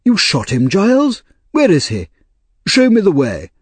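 A man voicing a brisk, fussy, plump male country doctor who speaks emphatically. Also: sits high, wildly swooping pitch, husky, no room sound, voice pushed up, exaggerated voice.

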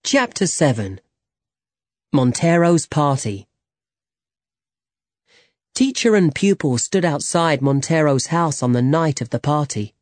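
A narrator reading a simplified novel aloud in a plain, deliberate manner. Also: mid-range voice, animated, dry recording.

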